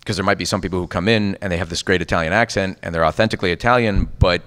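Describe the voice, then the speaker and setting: A middle-aged man with a very low, smooth and resonant voice, talking casually at a convention panel. He tells stories in a lively way, slipping into ad reads and character voices as he goes. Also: racing, long reverb tail. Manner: animated storyteller, rattles off ad copy and voices. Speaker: voice actor guest on a convention panel.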